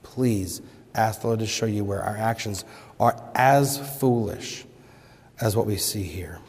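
A man's voice: lowish voice, unhurried, breathy edge. Emphatic male preacher in a reverberant hall. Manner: emphatic, swinging from loud rhetorical questions to hushed pleas. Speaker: pastor. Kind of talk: sermon. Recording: long reverb of a large hall.

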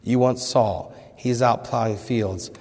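A man preaching a sermon, pressing rhetorical questions and then dropping to hushed pleas. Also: mid-range voice, fairly even intonation, slow pace. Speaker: pastor. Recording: long reverb of a large hall.

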